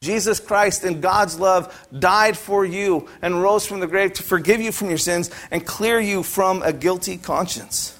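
A man's voice: high-pitched, a little slow, few pauses, fairly bright tone. A male pastor preaching a sermon emphatically, firing off rhetorical questions and repeating phrases for emphasis.

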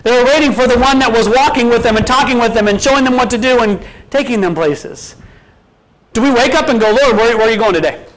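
A man's voice: very high voice, brisk, poor audio. A man preaching a sermon as pastor, talking casually and putting many questions to his congregation, with scripture quotes mixed in. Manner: quotes scripture at an easy speaking pace.

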